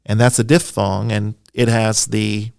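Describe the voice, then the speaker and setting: A man's voice: lowish voice, little pitch movement, unhurried, creaky, clear, resonant tone, no room sound, clean studio sound. A man, a Bible scholar guest, explaining at length in a friendly, enthusiastic podcast interview, with a self-deprecating touch.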